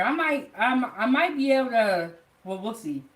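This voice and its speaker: A woman's voice: high voice, expressive, normal speed. A woman hosting a live home cooking show, chatting casually to her viewers from her kitchen. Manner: chatty, talks straight to viewers.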